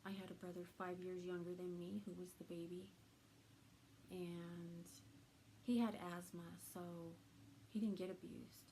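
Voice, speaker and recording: A woman talks slowly and haltingly to her camera, pausing often as she tells a personal story. Her low voice is gravelly and stays flat in pitch, with faint noise behind her. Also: low-quality recording. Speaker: vlogger.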